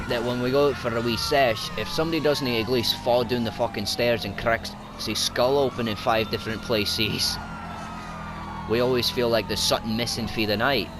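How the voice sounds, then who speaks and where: Background noise sits behind this young Scottish gaming YouTuber, whose mid-range voice stays steady at a moderate pace. With his Scottish accent, he delivers sweary, rowdy commentary and shouts at the game he's playing.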